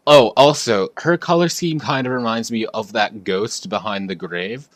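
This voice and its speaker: A man's voice: fairly low pitch, normal speed, few pauses, a little hiss or hum. A man hosting a let's-play, musing aloud with theories as he plays. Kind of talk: casual gameplay commentary.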